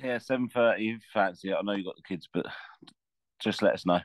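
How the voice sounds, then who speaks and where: A man's voice: lowish voice, quick pace, no echo. A man, co-hosting a podcast over a video call in casual chat with friends, often laughing and tripping over his words. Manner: chatty, laughs often, stumbles and repeats words. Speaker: podcast co-host.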